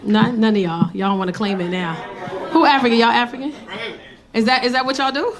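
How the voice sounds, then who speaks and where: A woman stand-up comedian telling a dating story in an animated, loud way and teasing the audience. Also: fairly high pitch, fairly quick. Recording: live club mic, crowd laughter, noise.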